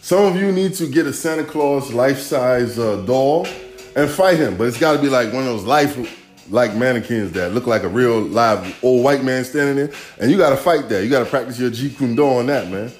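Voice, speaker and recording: A man's voice: medium pitch, normal speed. Profane, rambling male podcast host. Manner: profane, rambling, rhythmic street talk. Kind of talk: casual podcast rant. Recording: echoey room, faint music.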